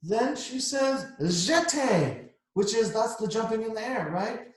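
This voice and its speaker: A middle-aged man reads a children's picture book aloud, stopping often to chat about the pictures. His voice sits a little high for a man. The recording rings with heavy room echo. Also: animated, normal speed. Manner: chatty, explains the pictures to kids. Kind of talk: read-aloud storytime. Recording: echoey room.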